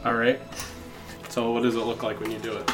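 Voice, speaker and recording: A man's voice: mid-range voice, level tone, fairly quick. A man narrating a tabletop game as the game master, describing the scene at length with fillers. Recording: music playing behind. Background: music.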